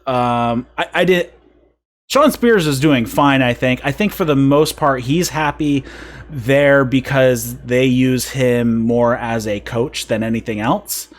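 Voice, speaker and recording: A man's voice: medium pitch, slow pace. A man hosting a podcast, casually recapping wrestling events at length and chuckling at the funny bits. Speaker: podcast host. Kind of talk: casual wrestling review chat.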